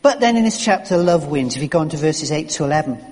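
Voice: medium pitch, expressive, quick pace, few pauses, darkish tone. A preacher giving a sermon in a church, talking in a conversational way with frequent restarts and repeated words. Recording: long reverb of a church hall.

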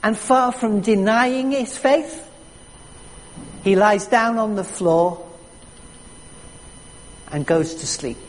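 A preacher delivering a sermon with slow, emphatic storytelling. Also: mid-range voice, a little hiss or hum. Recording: echoey hall reverb.

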